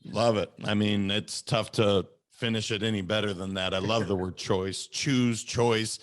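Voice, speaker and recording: A man's voice: fairly low pitch, fairly even intonation, measured pace. Enthusiastic male podcast host. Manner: enthusiastic, warmly encouraging. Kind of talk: upbeat podcast hosting.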